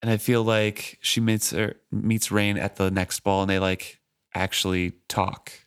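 A man co-hosting a casual book discussion, talking in a relaxed, chatty way with many hedges and reading passages aloud. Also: fairly low pitch, measured pace, clear, resonant tone.

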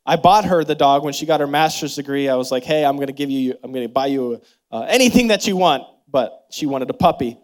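A man in his thirties preaching a sermon as pastor, leading prayer and telling stories in an animated, expressive way. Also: a little fast. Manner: animated storytelling with big pitch swings and laughter; leads congregation in prayer and call-and-response.

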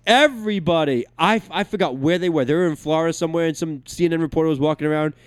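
A man co-hosting a casual talk show, telling stories in a rambling, animated way with lots of restarts. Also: a little high, fast talker, smooth, no echo. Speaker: podcast co-host.

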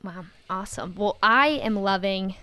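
A woman hosts a podcast in an easy, upbeat chat. Her voice sits at a middling pitch and is recorded close and dry, with no room sound. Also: unhurried, sharp tone, no room sound. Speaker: podcast host. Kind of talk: casual chat.

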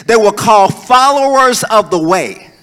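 A male preacher, preaching a sermon and swinging between soaring calls and low, joking asides. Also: animated, a little slow, bright, forceful tone. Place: church hall. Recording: long hall reverb.

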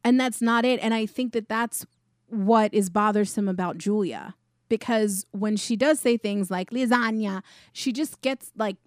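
A woman co-hosting a podcast, chatting casually about a film with quick, wry, questioning remarks. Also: medium pitch, no room sound, clean studio sound. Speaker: podcast co-host. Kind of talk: casual film-review chat.

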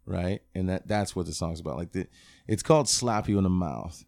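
A man's voice: low-pitched, brisk, gravelly, a little mellow, no echo. A man, a musician guest on a podcast, chatting casually and swearing freely. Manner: laid-back, swears freely. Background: his own acoustic guitar.

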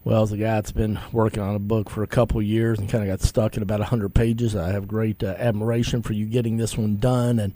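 A man hosting a faith-themed radio interview show, speaking in a relaxed, conversational way with frequent fillers. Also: on the low side, quick pace, few pauses.

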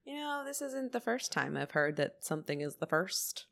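Woman co-host, playful teasing banter, bright tone, quick reactions. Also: medium pitch, big pitch swings, creaky. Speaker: podcast co-host. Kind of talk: casual chat, whiskey tasting.

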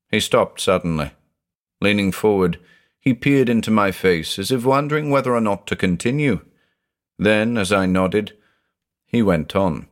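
Deep-voiced male story narrator. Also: lively intonation, a little slow. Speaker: audiobook narrator.

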